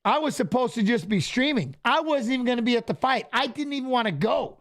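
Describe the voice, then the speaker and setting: A man's voice: very high-pitched, a little fast. A middle-aged man co-hosting a live fight watch-along, telling stories casually and acting out the dialogue he quotes. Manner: animated, acts out quoted dialogue, repeats "I go". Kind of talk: casual storytelling on a live stream.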